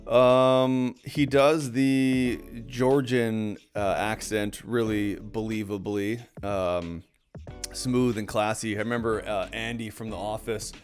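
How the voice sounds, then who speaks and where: Rambling low-voiced man chatting films. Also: flat delivery, slow pace, faint music behind. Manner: rambling, many fillers and restarts. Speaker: podcast co-host. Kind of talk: casual film chat.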